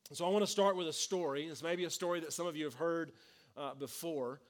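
A man's voice: a little high, fast talker. A man, preaching a sermon in an earnest, conversational way with frequent restarts. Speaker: pastor.

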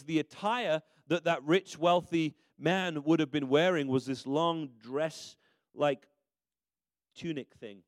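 A man's voice: high voice, dry recording. A man preaching a sermon as a minister, telling a story in a conversational way with frequent restarts.

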